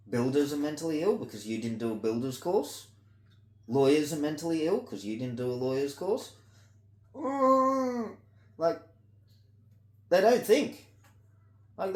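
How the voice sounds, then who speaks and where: A man with an Australian accent in a blunt, sweary rant to camera, swinging between loud outbursts and low mutters. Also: echoey room. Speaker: vlogger. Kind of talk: ranting monologue to camera.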